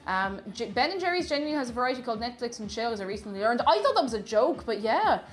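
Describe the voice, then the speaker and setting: A woman's voice: fairly high pitch, very animated, fast, faint music behind. Gushing, chatty woman streamer. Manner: chatty and gushing, reads viewer comments aloud. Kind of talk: casual chat while baking on a livestream. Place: home kitchen.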